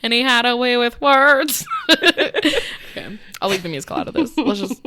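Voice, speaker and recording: A woman's voice: a little high, expressive, normal speed, sharp tone, a little hiss or hum. A woman co-hosting a podcast, reacting in casual chat with giggly interjections. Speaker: podcast co-host.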